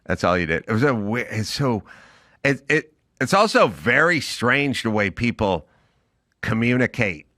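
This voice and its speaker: Middle-aged guy ranting on a podcast, punchy forceful voice, dry close sound. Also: mid-range voice, lively intonation, unhurried, no room sound. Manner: emphatic, ranting storyteller. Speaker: podcast co-host. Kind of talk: casual chat.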